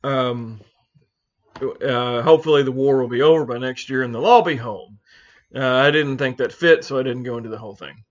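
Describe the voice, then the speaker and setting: A man chatting casually as a podcast co-host, rambling and swearing, halting often to search for words. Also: medium pitch, muffled recording. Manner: rambling, profane, halting with many fillers. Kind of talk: casual chat.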